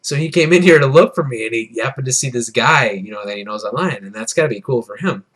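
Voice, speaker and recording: A man's voice: mid-range voice, expressive, fast, fairly bright tone. A young man in his early twenties, tipsy from beer, telling a rambling, profane, self-deprecating story in a casual vlog. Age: early 20s. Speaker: vlogger.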